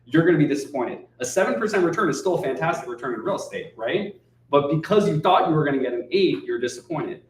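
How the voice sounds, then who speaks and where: A man's voice: fairly high pitch, lively intonation, fast talker. A man giving a casual, conversational talk as a guest speaker at a real estate meetup. He swears now and then and keeps checking in with "right?". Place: meetup room. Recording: echoey room, distant mic.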